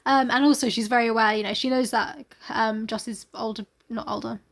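A woman with a somewhat high voice reads a story aloud in a relaxed, chatty way. She keeps breaking off the text for joking asides, and fills the gaps with ums. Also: brisk, vocal fry. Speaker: podcast co-host reading a novel aloud. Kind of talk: casual comedic book-reading chat.

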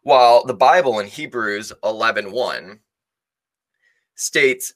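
A man's voice: medium pitch, slow, pauses often, a bit bright. A man giving a sermon in a casual, conversational way, often hedging and restarting his sentences. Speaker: preacher.

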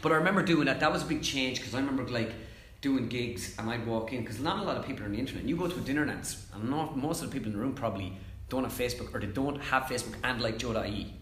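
A young Irish man chatting casually as a comedian guest, telling stories fast and acting out quotes. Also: mid-range voice, a bit bright, roomy sound, a little hiss or hum. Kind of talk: casual chat.

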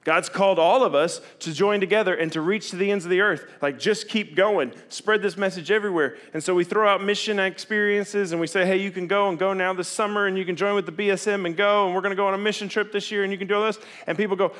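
A man preaches to his congregation in an animated way, voice sitting a little high. He slips into quick impressions of reluctant listeners and then returns to plain teaching. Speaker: pastor. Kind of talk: sermon.

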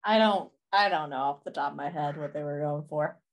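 A woman on a podcast with a somewhat low voice. She keeps her remarks short, dry and easygoing. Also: brisk. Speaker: podcast co-host. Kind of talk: casual chat.

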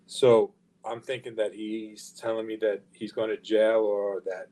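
A man's voice: on the low side, measured pace, low-quality recording. A middle-aged man, a podcast guest telling a long story in a casual, profane way and acting out the quoted lines. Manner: profane, animated anecdote-telling with quoted dialogue. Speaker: guest, record label founder.

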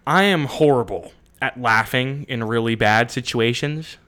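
A man's voice: medium pitch, unhurried, pushed and bright, smooth. A young man co-hosting a casual podcast, laid-back and slangy, laughing often. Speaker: podcast co-host; coach. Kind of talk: casual chat.

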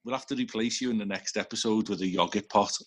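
A man's voice: fairly low pitch, fast talker, a bit bright. A man with a Liverpool accent hosting a casual podcast over a video call, teasing and swearing at his friends. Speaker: episode host.

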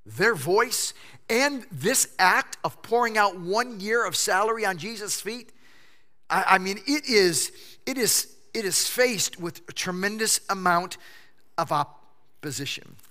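Forceful male pastor in reverberant church. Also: high voice, a little slow. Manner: animated storytelling preacher who acts out quotes. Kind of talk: sermon. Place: church sanctuary.

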